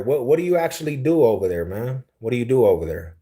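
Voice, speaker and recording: A man's voice: mid-range voice, lively intonation, moderate pace, warm tone. A young man from Denver hosting a livestream, chatting casually and reading viewer comments aloud in a laid-back, slangy way that is easily amused. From Denver, Colorado, US. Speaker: livestream host.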